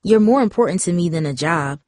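A woman's voice: on the low side, animated, a little fast, a little mellow, no echo, clean studio sound, lightly acted. A woman voicing a caring teenage girl who comforts her friend in an earnest way, in an audiobook story.

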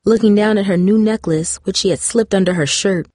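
A woman narrating a novel in a measured audiobook reading, giving the characters light voices of their own. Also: medium pitch, mellow, no echo, studio quality.

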